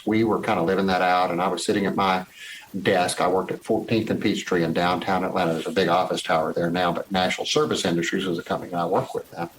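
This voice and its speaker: A man in his sixties, a guest telling stories from his life in a casual interview, animated and acting out old conversations. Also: low voice, a little hiss or hum, poor audio. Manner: animated storyteller who acts out past conversations.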